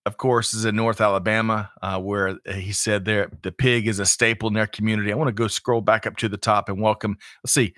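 Bright folksy host. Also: male voice, fairly low pitch, little pitch movement, fairly quick, few pauses, no echo, clean studio sound. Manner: folksy, reads out audience greetings. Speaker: livestream co-host. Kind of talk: casual live show chat.

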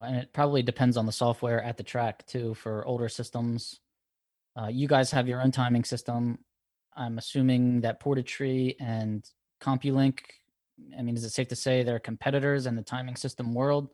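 A man's voice: mid-range voice, little pitch movement, moderate pace, a little mellow, no room sound, clean studio sound. A man hosting an interview, easygoing, asking questions in loose run-on sentences. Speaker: podcast host. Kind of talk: casual interview chat.

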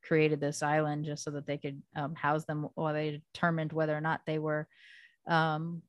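Forty-something woman, low and animated. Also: moderate pace, no echo. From West Coast US. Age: 40s. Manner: profane, animated storytelling with quoted voices. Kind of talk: casual chat.

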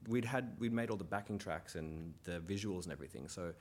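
An Australian man, a comedian, chatting casually and telling stories in a relaxed way that trails off quietly. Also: low-pitched, fairly quick. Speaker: comedian, guest. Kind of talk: casual chat.

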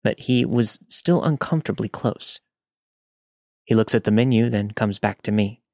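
Male storyteller, even measured read, dry booth sound. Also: fairly low pitch, dry recording. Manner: steady, measured reading. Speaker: horror story narrator. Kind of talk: scripted first-person narration of a listener story.

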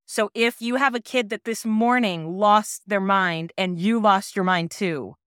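A woman in her thirties talks as a podcast host, earnest and gently reassuring. Her voice is smooth and clear in a mid register. The recording is dry and close, with no room sound. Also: medium pitch, a little slow, no echo. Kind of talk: casual personal storytelling.

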